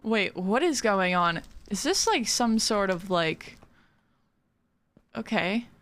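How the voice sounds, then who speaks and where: Animated, giggly woman streaming a game. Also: medium pitch, takes it slowly. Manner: chatty, giggly, talks to chat. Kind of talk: casual livestream chat while playing.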